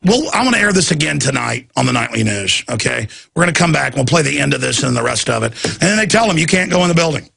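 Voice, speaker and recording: A man's voice: medium pitch, big pitch swings, quick pace, vocal fry, few pauses, pushed and bright, slightly rough. A man hosting a talk show, commenting over a video clip in a mocking, heated way. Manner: mocking, puts on drawling voices, laughs.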